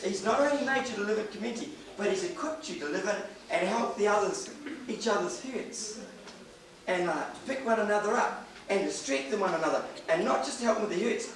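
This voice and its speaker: High-voiced New preacher, echoey hall. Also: male voice. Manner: storytelling with humor, acts out quoted voices. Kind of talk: sermon. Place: church hall. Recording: echoey hall, distant mic, audible noise.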